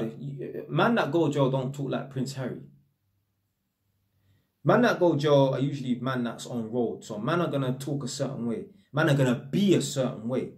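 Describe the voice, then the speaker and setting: A young man with a London accent, talking casually to camera in street slang and telling stories with energy. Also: mid-range voice. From North London. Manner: slangy street talk, animated storytelling. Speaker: vlogger.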